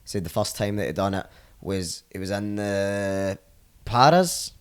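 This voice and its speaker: Scottish man, fairly low voice, podcast guest, casual rambling storyteller, sweary. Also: flat delivery, normal speed, darkish tone, clean tone. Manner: rambling, sweary, laughs through stories.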